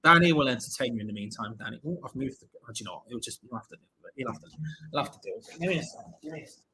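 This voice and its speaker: A man's voice: mid-range voice, animated, rapid-fire, sharp tone, a little hiss or hum, rough recording. A young man hosting a live football watch-along, chatting, joking and reading out viewer comments. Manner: chatty, jokey, reads viewer comments aloud.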